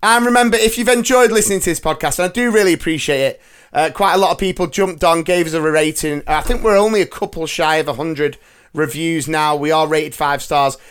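A man's voice: a little high, fairly quick, fairly bright tone, clean tone. A man hosting a movie podcast, jokey, upbeat and chatty. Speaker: podcast host. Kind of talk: casual chat.

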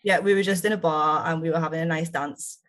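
A woman's voice: low voice, fairly even intonation, quick pace, fairly bright tone. A woman improv performer being interviewed, chatting eagerly and laughing often. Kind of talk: casual chat.

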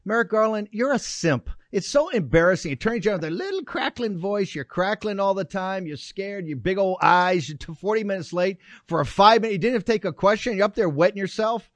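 A man's voice: high voice, expressive, fairly quick, few pauses, no room sound. A man hosting a political show, ranting and mocking in combative commentary. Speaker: show host.

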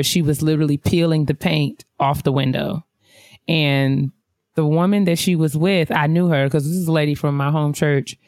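Casual podcast host, woman, lower voice, dry close sound, animated storyteller. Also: dry recording. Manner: animated, acts out other people's voices.

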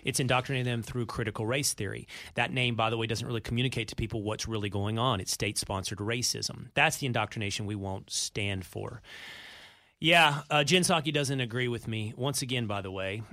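A man's voice: mid-range voice, fairly quick, pushed and bright. A man co-hosting a talk show, chatting casually and getting emphatic and fired up. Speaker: radio talk show co-host. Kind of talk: opinionated talk radio banter.

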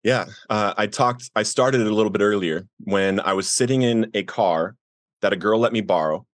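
A middle-aged man earnestly telling his personal recovery story as a podcast guest, voicing the people in it with raised pitch. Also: moderate pace, dry recording. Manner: earnest, acts out quoted voices with rising pitch.

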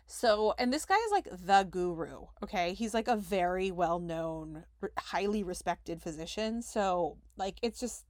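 A woman's voice: lowish voice, a little slow, darkish tone, no room sound. Chatty woman telling a story, dry sound. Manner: chatty, heavy use of "like", reenacts conversations. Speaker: podcast host. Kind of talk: casual storytelling.

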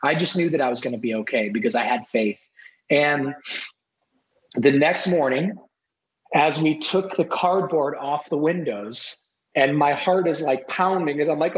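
Middle-aged man, podcast guest, fairly high voice, animated storytelling, acts out dialogue. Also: moderate pace, poor audio. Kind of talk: personal storytelling.

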